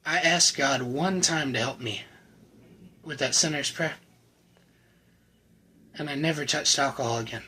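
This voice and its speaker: A man giving an earnest, emotional personal faith testimony to the camera, often halting and repeating words. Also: a little high, sharp tone, slightly rough, low-quality recording. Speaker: channel host sharing his recovery testimony.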